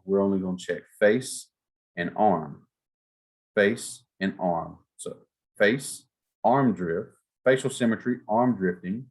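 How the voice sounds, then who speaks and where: A man from South Georgia teaches an EMT class in a folksy, animated manner, sometimes acting out exchanges with patients. His voice sits very low, with a husky, slightly rough edge. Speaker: EMS instructor. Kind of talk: classroom lecture.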